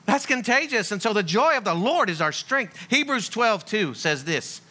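A man preaching with a high, bright voice that jumps all over the place. His delivery is blunt and playful, full of jokes and sudden emphasis. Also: normal speed. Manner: lively, joking, blunt preaching with sung snippets. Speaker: pastor. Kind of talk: sermon.

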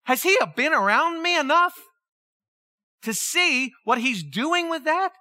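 A preacher delivers a sermon with an animated, swooping delivery and a bright, forceful tone. The preacher retells the scene as if it were happening now and keeps asking the listeners to imagine it. The sound is dry, with almost no room echo. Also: sits high, a little slow. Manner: storytelling, acts out the people in the story; asks the listeners many questions.

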